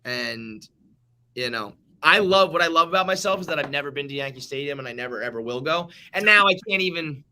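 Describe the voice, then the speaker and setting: A man's voice: fairly high pitch, lively intonation, fairly quick, pushed and bright. A middle-aged man hosting a casual sports podcast, joking animatedly and swearing a lot. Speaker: podcast host.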